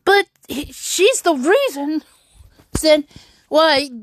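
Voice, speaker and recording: A woman's voice: high-pitched, expressive, very slow, dry recording. A young woman telling an upsetting personal story on her vlog, rambling with many restarts and fillers. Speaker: YouTuber.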